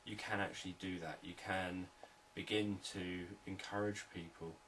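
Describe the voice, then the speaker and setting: A man, a hypnotherapist, explaining sales techniques in a calm, repetitive, unscripted teaching talk. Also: sits low, normal speed, recorded from a distance, a little hiss or hum, rough recording.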